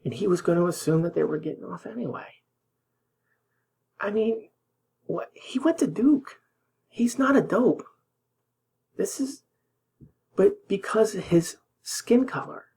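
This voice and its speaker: A man's voice: high voice, creaky, a little mellow, slightly rough, rough recording. Indignant man ranting over clips. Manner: indignant, sarcastic, drops to a whisper for emphasis. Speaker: political commentary host. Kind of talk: reacting to news clips.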